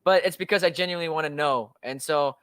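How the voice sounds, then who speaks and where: Young man, livestream host, chatty, slightly higher voice, dry close sound. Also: quick pace, a bit bright, clear, resonant tone, no room sound. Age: 20s. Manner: chatty, filler-heavy, grateful. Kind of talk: casual live chat. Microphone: phone or webcam livestream.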